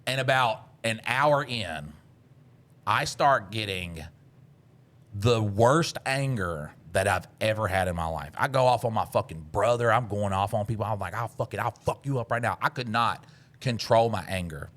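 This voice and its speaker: A man, co-hosting a podcast, telling a story in casual chat, swearing a lot and jumping into loud voices when he quotes himself. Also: lowish voice, expressive, unhurried. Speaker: podcast co-host.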